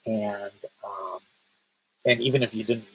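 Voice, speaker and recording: Man streamer, husky voice, rambling, stammers and restarts, chatty. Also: fairly low pitch, fairly even intonation, measured pace, a bit bright, poor audio. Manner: chats with viewers, reading their comments. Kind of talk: casual livestream chat.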